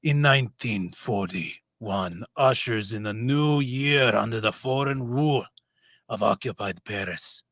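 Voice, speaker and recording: A man putting on a hushed, dramatic storybook narrator with a put-on Middle Eastern accent, breathy and brooding. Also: fairly low pitch, dry recording, voice pushed down, full character voice. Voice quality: breathy half-whisper. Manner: slow, brooding delivery.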